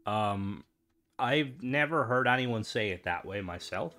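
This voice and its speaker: A man's voice: mid-range voice, lively intonation, measured pace, sharp tone, soft background music. A young Irish man chatting casually with viewers while streaming a game, rambling from one thought to the next. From Ireland.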